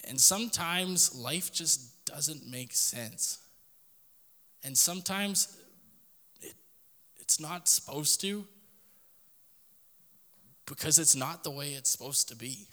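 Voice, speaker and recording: A man's voice: on the high side, slow pace, long pauses, bright, forceful tone, long reverb tail. A man hosting a podcast, giving an earnest devotional talk that speaks straight to the listener. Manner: earnest, direct address to listener. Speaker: podcast host.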